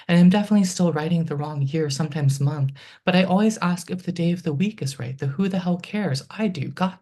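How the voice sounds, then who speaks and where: A poet in their thirties reads their own work aloud at a steady middle pitch, stepping through long lists and strings of questions line by line. Between poems the voice drops into loose, chatty asides full of ums. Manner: reads lines in a halting, list-like rhythm. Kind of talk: poetry reading.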